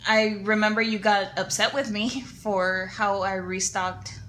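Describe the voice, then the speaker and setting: A woman's voice: medium pitch, level tone, unhurried, fairly bright tone, slight background noise. A woman co-hosting a podcast, recalling memories in casual, teasing chat. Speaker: podcast co-host.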